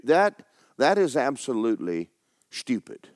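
Man, preacher, folksy sermon storytelling, hushed then shouting, lively pitch, dry sound. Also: normal speed, no echo. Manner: animated storytelling, drops to hushed tones then builds to excited shouting.

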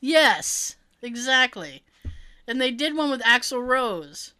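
Lively, bright-voiced woman chatting. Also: a little high, takes it slowly, clean tone. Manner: animated, laughing often, sarcastic asides. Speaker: podcast co-host. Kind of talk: casual chat.

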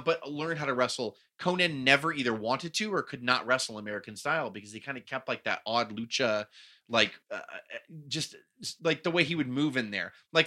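Man, podcast co-host, casual blunt rant, rapid delivery, sharp bright voice. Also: mid-range voice. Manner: ranting, profane, blunt opinions. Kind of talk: casual wrestling podcast chat.

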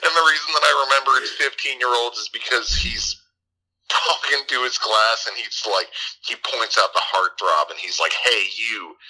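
A man's voice: medium pitch, normal speed, pushed and bright, low-quality recording. A man on a casual podcast, rambling and swearing as he recaps a movie. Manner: profane, rambling recaps with mock voices. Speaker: podcast co-host.

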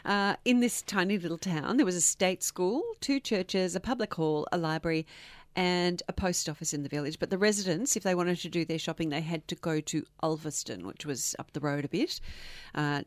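A woman's voice: fairly low pitch, moderate pace, dry recording. A woman co-hosting a podcast, telling a true-crime story in a chatty, casual way and laughing often. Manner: chatty, laughs often, speeds up when excited. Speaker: podcast co-host.

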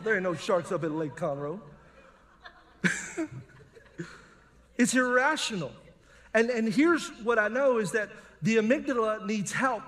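Preaching in a relaxed, humorous storytelling style, a middle-aged male pastor shares personal stories in his sermon. His voice sits high and has a fairly bright tone.

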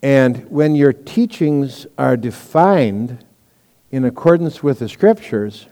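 A man's voice: mid-range voice, slow pace, mellow, long reverb tail. A man preaching a sermon as pastor, teaching in a conversational way with stories and asides.

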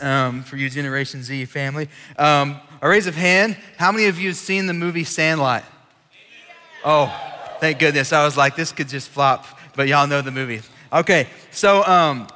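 Brief: preacher, casual sermon, bright tone, big hall reverb. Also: male voice, fairly high pitch. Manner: animated, chatty, audience-engaging. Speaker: college ministry preacher. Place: large church hall. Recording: long reverb in a large hall.

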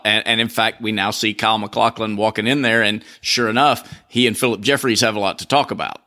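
A man co-hosting a podcast, talking in an eager, animated way. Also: on the low side, a little fast, hardly any pauses. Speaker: podcast co-host. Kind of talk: casual podcast discussion.

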